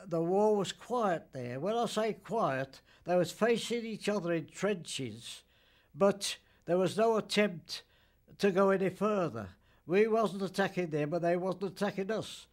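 A man in his nineties, a veteran, recounting memories in an interview, halting and plain-spoken with dialect grammar. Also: high-pitched. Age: 90s. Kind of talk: recollection interview.

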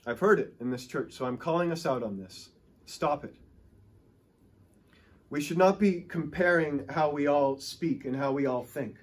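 A man preaching a sermon as pastor in a church, impassioned and exhorting, at times acting out excited stuttering. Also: a little high, normal speed, breathy edge.

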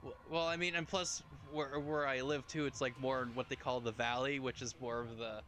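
A man's voice: mid-range voice, steady tone, brisk. A man from Ontario, streaming a game and chatting casually, rambling with many fillers and restarts. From Canada, Ontario. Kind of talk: casual gaming chat.

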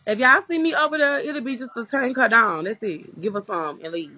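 A woman's voice: on the high side, fairly quick, bright, forceful tone. A woman vlogger in casual chat, talking bluntly with emphatic outbursts.

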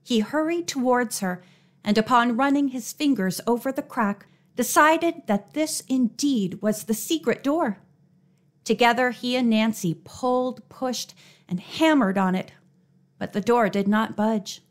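Audiobook reader, woman, slightly high voice, expressive scripted narration. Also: unhurried. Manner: expressive, raises her pitch for dialogue.

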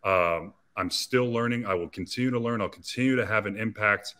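A man's voice: on the low side, fairly quick, pushed and bright. A man in his thirties, an athlete and interview guest, telling a personal story in an earnest, confessional way with frequent restarts.

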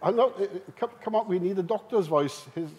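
A man giving a conference seminar talk. He is emphatic and lively and often turns questions to the audience. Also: high-pitched, fast talker, lo-fi sound. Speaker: seminar speaker. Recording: live talk in a hall.

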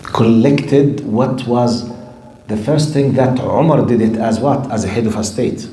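A male lecturer teaches Islamic history to a live class in a recorded lesson, repeatedly quizzing the audience and dropping in Arabic terms. His mellow, mid-range voice moves a little slowly, and the poor audio is reverberant.

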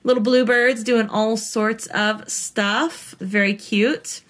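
A woman's voice: fairly high pitch, steady tone, takes it slowly, a bit bright. A woman hosting her own channel, chatting casually and rambling as she unboxes stickers at her home desk, gushing over the cute ones. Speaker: planner vlogger and host. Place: home desk in front of a computer.

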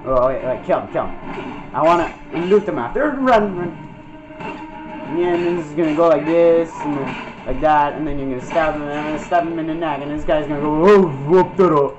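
A man's voice: a little high, fairly quick. A young man giving casual, jokey commentary over a video game, yelping and putting on silly voices as he plays. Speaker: gameplay commentator. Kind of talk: casual let's-play commentary. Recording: dull lo-fi mic with game music.

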